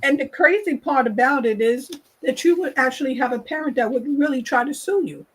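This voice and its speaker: A woman's voice: high voice, brisk, husky, low-quality recording. A woman hosting a talk show, giving her opinion in an emphatic casual way and repeating her points. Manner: emphatic, repeats points, acts out quoted people.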